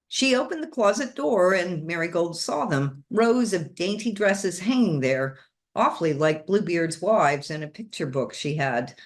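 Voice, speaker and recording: A woman reading a chapter of a novel aloud, with steady, expressive storytelling. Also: on the low side, measured pace. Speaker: reader.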